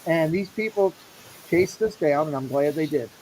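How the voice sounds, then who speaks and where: A man's voice: on the high side, moderate pace, darkish tone, slight background noise, low-quality recording. A middle-aged man hosting a casual show, animatedly acting out the people in his story. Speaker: show host.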